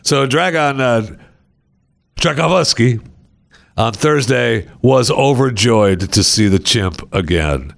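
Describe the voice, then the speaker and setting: A man's voice: medium pitch, lively intonation, takes it slowly, creaky, dry recording. A man hosting a comedy podcast, reading news stories aloud in a rambling, jokey way and stumbling over words. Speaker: podcast host. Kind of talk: casual comedic news chat.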